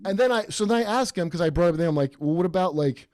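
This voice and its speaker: A man hosting a podcast in casual chat, rambling and animated with many fillers and restarts. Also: fairly high pitch, quick pace, no room sound, studio quality. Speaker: podcast host.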